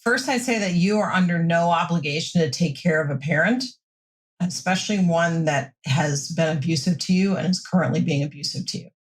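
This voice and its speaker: A woman mental health counselor giving steady, reassuring advice in a podcast interview. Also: on the low side, fairly quick.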